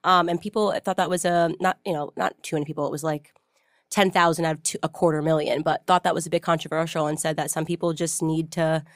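Woman, podcast host, quick animated storytelling, dry close sound. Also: sits low, no echo. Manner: animated storyteller, many fillers. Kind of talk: casual interview chat.

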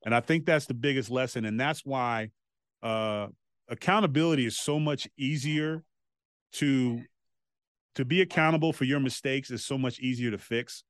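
A man, a former wrestler, telling stories as a podcast guest in a loose, animated way and swearing freely. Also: medium pitch, normal speed, clean tone, no room sound, studio quality. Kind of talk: casual anecdotal storytelling.

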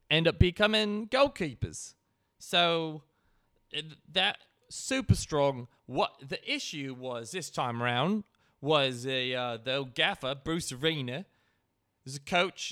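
A man voicing an excitable English football fan with a put-on English accent that drifts between regions, rambling and slangy. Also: on the high side, smooth, no room sound, studio quality, voice pushed up, heavily acted. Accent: put-on English, wandering between regions.

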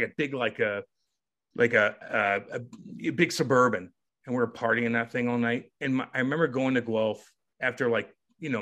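Animated storytelling man, casual and swearing. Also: mid-range voice. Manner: animated, swearing, acts out voices in his stories. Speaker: podcast guest, former hockey player.

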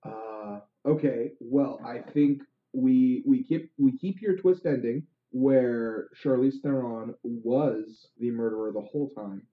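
A man's voice: mid-range voice, slow pace, few pauses. A man in casual chat, reacting to a friend's story with wry quips. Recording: echoey, phone-like sound.

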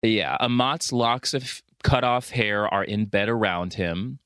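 A man co-hosting a podcast, retelling a film with lively profanity, frequent laughter and acted-out quotes. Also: on the low side, slow, smooth, dry recording, clean studio sound. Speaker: podcast co-host. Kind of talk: casual movie recap chat.

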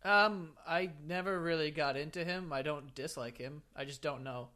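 A man's voice: a little high, moderate pace, bright, forceful tone. A young man co-hosting a podcast, chatting casually and cracking dry jokes. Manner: dry, joking replies. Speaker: podcast co-host. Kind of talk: casual chat.

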